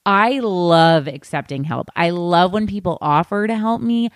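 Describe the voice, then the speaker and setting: A woman hosting a podcast, chatting casually and gossipily about a book, with animated asides to her listeners. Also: on the low side, unhurried, dry recording, studio quality. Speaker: podcast host. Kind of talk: casual book-discussion chat.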